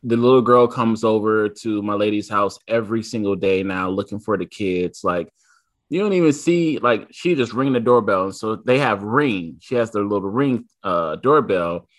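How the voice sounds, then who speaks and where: A man's voice: fairly low pitch, normal speed. A man in his thirties, a podcast co-host, telling a family story in casual chat and acting out his son's lines.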